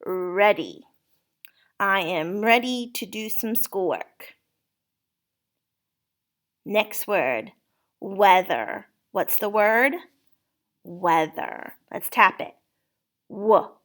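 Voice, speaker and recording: A woman leads a spelling lesson at a very slow, deliberate pace. She patiently sounds out each word letter by letter for a young learner. Her pitch sits at an ordinary middle level. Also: lively intonation, a bit bright. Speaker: teacher.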